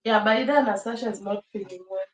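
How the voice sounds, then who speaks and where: A woman's voice: mid-range voice, fast talker, a little hiss or hum. A young woman, chatting casually on a livestream, emotional and repeating herself, laughing often. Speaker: livestream host. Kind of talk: casual livestream chat with viewers. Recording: echoey room.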